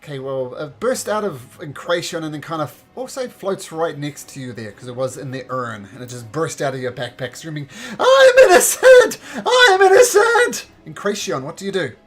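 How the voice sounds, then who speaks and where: A man narrating a tabletop game as game master, halting with fillers and restarts. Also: on the high side, animated, faint music behind.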